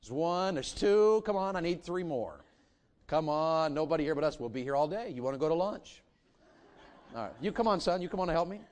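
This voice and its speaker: A man preaching in a church with a folksy, animated delivery. His voice sits a little high for a man and swings widely in pitch as he repeats lines for emphasis. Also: brisk. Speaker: pastor. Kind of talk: sermon. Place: church sanctuary.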